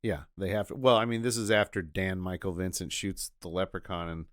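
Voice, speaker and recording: A man's voice: low-pitched, fairly quick, dry recording, clean studio sound. A man co-hosting a podcast, adding wry jokes and laughing along in casual movie chat. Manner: wry, joking asides with frequent laughter. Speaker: podcast co-host.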